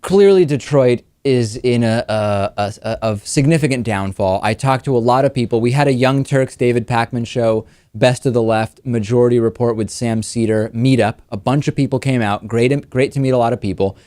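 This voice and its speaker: A man hosting a political talk show, giving wry, quick commentary with frequent restarts. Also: medium pitch, a little mellow, dry recording. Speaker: host.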